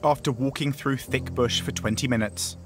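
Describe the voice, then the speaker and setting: A man's voice: mid-range voice, fairly even intonation, moderate pace. A man presenting a travel documentary, narrating and interviewing outdoors in the bush with an encouraging manner. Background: background music.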